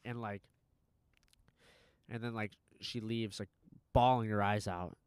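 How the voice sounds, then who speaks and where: A man in casual chat, telling a story in an animated, profane way with lots of fillers. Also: fairly low pitch, takes it slowly, clear, resonant tone, no echo.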